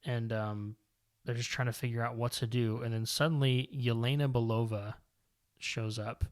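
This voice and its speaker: A man co-hosting a comic book podcast, recapping the plot in casual chat. He rambles, fills pauses and corrects himself mid-sentence. His voice sits at an ordinary middle pitch. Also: level tone. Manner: rambling, with many fillers and self-corrections. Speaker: podcast co-host.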